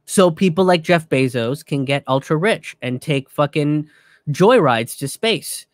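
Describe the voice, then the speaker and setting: A young man in a comedian's heated political rant, swearing freely and tripping over restarts. His voice sits a bit high for a man. The recording is dry and close, with no room sound. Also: lively intonation, unhurried, no room sound. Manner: profane, heated, restarts often. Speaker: comedian commentator. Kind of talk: ranting political commentary.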